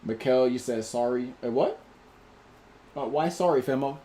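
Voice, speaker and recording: A man's voice: medium pitch, normal speed, warm tone. Guy streaming live, reads off chat names and picks, talks loose and slangy. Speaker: livestream host. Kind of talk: casual livestream chat.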